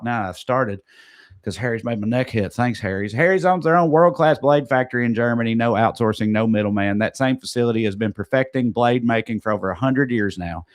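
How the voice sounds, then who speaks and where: A man co-hosting a podcast, reading sponsor ads in a casual way with joking, off-the-cuff asides. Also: medium pitch. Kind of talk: casual ad read.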